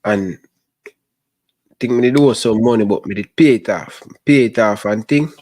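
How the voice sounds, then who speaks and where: A man with a Jamaican accent hosting a casual chat, telling stories in relaxed patois. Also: on the low side, measured pace.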